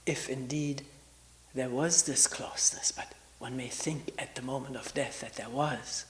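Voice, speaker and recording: In this low-quality recording, a woman in her sixties who teaches meditation retreats offers a reflective spiritual talk. She moves slowly and searchingly, pausing at length and often sinking to a half-whisper, her rumbling low voice holding a steady tone.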